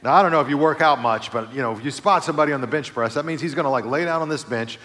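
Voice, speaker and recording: A male pastor delivers a sermon, spinning a humorous personal anecdote with energetic, comic build-ups and gentle, softer turns. His voice sits in an ordinary middle range. The sound carries the long reverb of a large hall. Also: mid-range voice, rapid-fire. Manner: lively storyteller, builds to excited comic peaks then softens.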